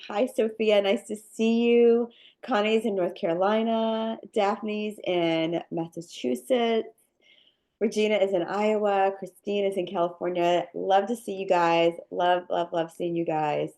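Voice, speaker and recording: A woman's voice: mid-range voice, fairly even intonation, unhurried, dark tone. A woman with a head cold, her voice nasal and congested, hosting a live video-call class on cookie decorating and greeting people with upbeat welcomes and lots of fillers. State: congested with sinus drainage. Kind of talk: casual live webinar welcome.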